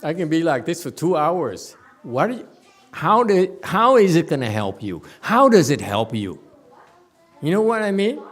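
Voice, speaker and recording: A man giving a Chan Dharma talk as a Buddhist meditation teacher, animated and teasing, laughing often. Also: fairly high pitch, moderate pace.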